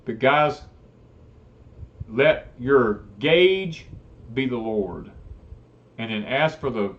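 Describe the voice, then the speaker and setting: A man's voice: mid-range voice, expressive, very slow. A man with a Southern US accent hosting a homesteading live chat, talking bluntly and emphatically like a preacher. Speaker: homesteading channel host. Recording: dull lo-fi live-stream audio.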